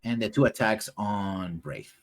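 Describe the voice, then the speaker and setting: A man running a tabletop game as game master, narrating haltingly with many fillers. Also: fairly low pitch. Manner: halting, many ums and uhs while narrating.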